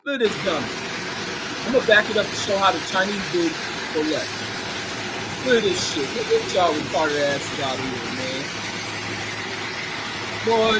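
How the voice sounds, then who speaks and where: Man, high-pitched voice, mocking profane video commentary, scornful rant, noisy background. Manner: mocking, profane, loud and scornful, laughs often. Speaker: vlogger commenting on news footage.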